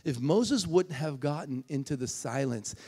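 A man preaching a sermon in a church, telling a funny story with lively, animated delivery. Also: measured pace, breathy edge. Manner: animated, jumps high when acting out his excited self. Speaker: guest preacher. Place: church sanctuary.

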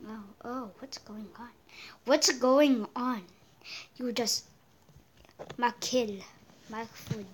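A woman casually commentates on a game, taunting other players and lurching from loud yelps to murmured asides. Her voice is a little high, and there's a faint hiss or hum on the audio.

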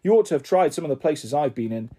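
A bossy, cheeky young girl in care, as a man reads her part from a storybook. The voice sits a little high, with a mellow, soft and slightly husky tone. She talks brashly, ordering others about. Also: animated, quick pace. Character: bold, cheeky ten-year-old girl in care. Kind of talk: storybook character reading.

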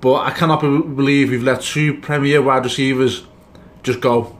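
A man's voice: mid-range voice, steady tone, moderate pace. A man ranting angrily about his football team in a reaction video, swearing and rambling as he vents his frustration. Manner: angry, swearing, rambling rant. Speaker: sports fan vlogger.

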